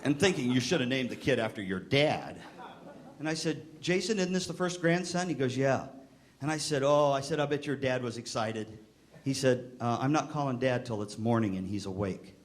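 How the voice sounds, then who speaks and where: A man's voice: mid-range voice, lively intonation, moderate pace. A middle-aged man giving a storytelling speech to band directors at a convention, acting out voices in his stories. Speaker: keynote speaker to band directors. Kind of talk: storytelling speech to a live audience. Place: convention hall.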